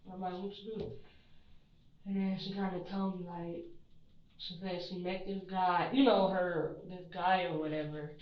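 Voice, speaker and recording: A young woman being questioned by police, rambling with lots of "you know" and "like" and trailing off quietly at the ends of her lines. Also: fairly low pitch, flat delivery, normal speed. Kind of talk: police interview recording. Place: police interview room. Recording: echoey distant muffled interview-room mic.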